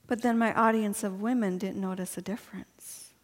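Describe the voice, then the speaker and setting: High-voiced woman giving a testimony talk. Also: steady tone, brisk. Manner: chatty and earnest, laughing often. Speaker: speaker at a women's gathering. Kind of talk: personal faith testimony talk. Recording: long hall reverb.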